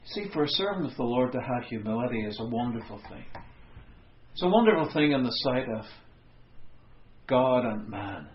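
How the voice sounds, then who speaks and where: A man's voice: medium pitch, lively intonation, normal speed, long pauses, echoey room, dull audio. A man preaching an expository sermon, conversational with wry asides.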